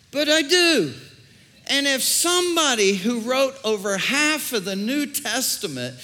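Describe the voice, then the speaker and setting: A man's voice: extremely high pitch, sharp tone. A man preaching a sermon as pastor, conversational, with jokes and asides. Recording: long hall reverb.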